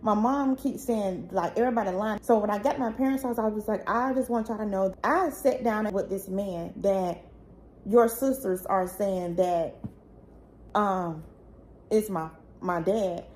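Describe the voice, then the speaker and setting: A young woman tells her own painful story straight to the camera. Her voice is raw and tearful, and it climbs into pleading when she gets upset. Her pitch is average, with faint background noise behind her. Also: unhurried, a little mellow. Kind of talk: emotional personal storytelling.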